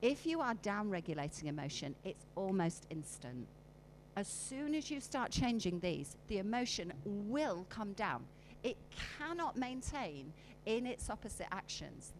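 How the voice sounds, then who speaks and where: A woman teaching a conference audience, speaking slowly and deliberately while coaxing people into exercises. She acts out emotions with her voice. A faint electrical hum sits under her stage mic. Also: fairly low pitch, rough recording. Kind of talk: live workshop lecture with audience exercises. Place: conference hall.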